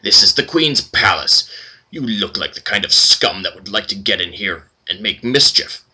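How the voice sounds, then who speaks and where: A man's voice: lowish voice, expressive, moderate pace, sharp tone, breathy edge, exaggerated voice, rough recording. A man voicing a flamboyant, menacing male minotaur palace guard in a video game, speaking tauntingly.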